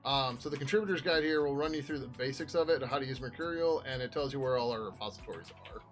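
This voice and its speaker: A man's voice: medium pitch, quick pace, a bit bright, soft background music. A man walking viewers through his code on a casual live stream, talking loosely, trailing off and restarting, and swearing now and then. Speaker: software developer streaming his work.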